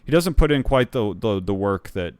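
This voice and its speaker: A man's voice: fairly low pitch, animated, darkish tone, clear, resonant tone, dry recording. A man co-hosting a sports podcast, talking casually and giving firm opinions. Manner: opinionated, quick to push back. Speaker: podcast co-host.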